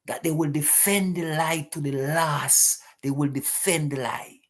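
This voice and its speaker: A man's voice: fairly high pitch, unhurried. A man hosting a live talk stream, preaching emphatically and repeating rhetorical questions to his listeners.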